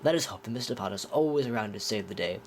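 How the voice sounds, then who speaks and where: A man's voice: on the low side, lively intonation, racing, slight background noise. A man voicing a haughty aristocratic British wizard with a put-on British accent. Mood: sneering.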